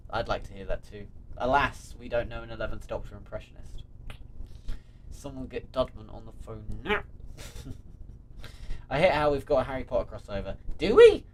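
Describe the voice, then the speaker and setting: A man chatting casually on a live stream, reading viewer comments aloud, excitable and often laughing, swearing freely. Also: mid-range voice, a little hiss or hum. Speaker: streamer answering live chat.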